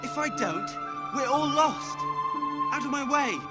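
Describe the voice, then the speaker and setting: A frantic young hero. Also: male voice, extremely high pitch, expressive, measured pace. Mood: determined. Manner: urgent shouted pleas. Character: brave teenage boy hero, urgent. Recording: film clip under loud score music.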